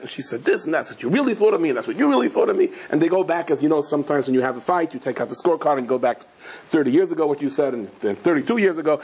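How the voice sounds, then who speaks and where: A husky-voiced rabbi gives a lively Torah lecture, his voice sitting a little high for a man. He tells stories as he teaches and mixes Hebrew and Yiddish terms into his English. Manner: acts out the characters in a story with sudden high, shouting outbursts. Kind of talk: animated Torah lecture with storytelling.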